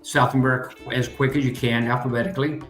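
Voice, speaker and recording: A man's voice: medium pitch, level tone, fast talker, fairly bright tone, reverberant, faint music behind. An older man, the student's uncle, patiently demonstrating a geography game step by step as a teacher.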